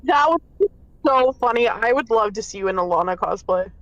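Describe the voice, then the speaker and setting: Female player, playful chat, voice a bit high, dry close sound. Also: expressive, a little fast, fairly bright tone, dry recording. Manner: playful, laughing. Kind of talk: casual chat. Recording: dry, dull lo-fi mic.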